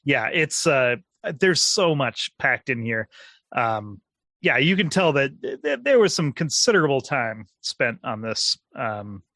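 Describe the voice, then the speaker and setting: A male podcast guest with a bright, forceful tone talks comic art analytically, pausing on "um" and "you know" as he builds his point. The sound is close and dry, with no room around it. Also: mid-range voice, big pitch swings, dry recording. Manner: thoughtful, analytical, halting with fillers. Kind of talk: casual comic-book discussion.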